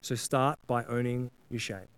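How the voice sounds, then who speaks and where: A man's voice: mid-range voice, steady tone, moderate pace, a bit bright, clean tone. A man preaching a sermon in a casual, earnest way, often acting out prayers and apologies in quoted voices. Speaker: pastor.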